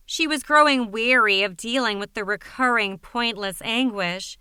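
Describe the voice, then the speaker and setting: A woman narrating an audiobook in an even, wry storytelling manner on a close studio mic. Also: on the high side, smooth, dry recording.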